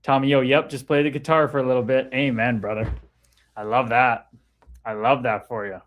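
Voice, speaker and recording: This livestream host talks about spirituality in a relaxed, casual style, reading out comments and welcoming each viewer by name. His voice sits in the middle range, delivered flatly at an ordinary speed.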